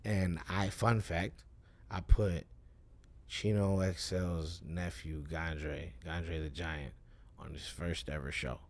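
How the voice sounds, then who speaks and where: Man, rapper guest, low gravelly voice, high and rambling, profane casual talk. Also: steady tone, slow pace. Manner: rambling, profane, loose and self-interrupting. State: high, with cotton mouth. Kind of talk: casual live-stream chat.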